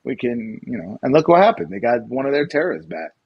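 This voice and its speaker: High, gravelly man with a lively voice. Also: fast talker, highs cut off. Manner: laughs often, acts out mocking voices. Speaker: podcast co-host. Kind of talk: casual chat. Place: live podcast studio.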